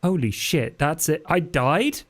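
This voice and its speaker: A man's voice: fairly high pitch, very animated, measured pace, pitched above the performer's own voice. A man playing a nervous, jokey young man newly turned vampire, stammering and swearing as he talks in a tabletop role-play. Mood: shocked. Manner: stammering, hesitant, crude humour.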